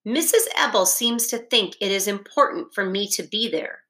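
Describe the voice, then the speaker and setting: A woman voicing a calm, questioning mother in a read-aloud storybook, asking probing questions. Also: mid-range voice, moderate pace.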